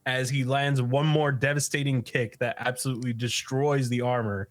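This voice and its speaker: A man's voice: mid-range voice, level tone, normal speed, few pauses. A man hosting a podcast, recapping an episode in a loose, profane way and laughing often. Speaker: podcast host.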